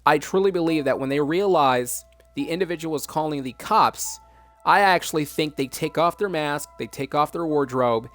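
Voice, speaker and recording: A man's voice: a little high, moderate pace, fairly bright tone, faint music behind. A man hosting a mock news broadcast, dramatic and emphatic, repeating words for effect.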